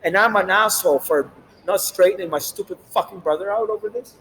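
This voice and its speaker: Man, host, rambling profane monologue, slightly higher pitch, faint background hiss. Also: a little fast, a bit bright, rough recording. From Latin America. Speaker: channel host.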